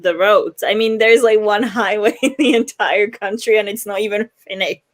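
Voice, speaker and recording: Woman co-host from Slovakia, matter-of-fact, mid pitch. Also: normal speed, dry recording. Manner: explains matter-of-factly, corrects others. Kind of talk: casual chat.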